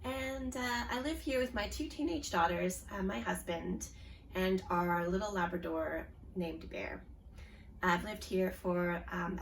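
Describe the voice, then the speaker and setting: A woman's voice: medium pitch, a little hiss or hum. Chatty Canadian woman with a distant mic. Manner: chatty, with frequent ums and restarts. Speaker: knitting podcast host. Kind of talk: casual show-and-tell chat.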